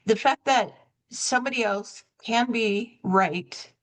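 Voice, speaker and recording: A woman's voice: on the high side, slow. A woman hosting a coaching podcast, reflective and self-correcting, telling stories and acting out both sides of the dialogue. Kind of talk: conversational interview.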